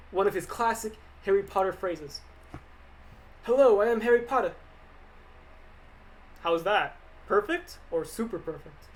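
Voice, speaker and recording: A young man livestreaming as an animator chats with viewers, answering their questions with offhand, digressive humor. His voice is high and fairly bright, and the rough recording has a little hiss or hum.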